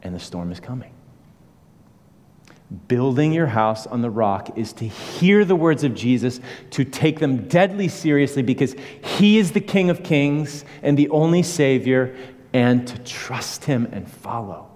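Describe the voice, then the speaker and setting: Male pastor, mid-pitched, earnest sermon delivery, hushed then emphatic; reverberant hall. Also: expressive, a little slow.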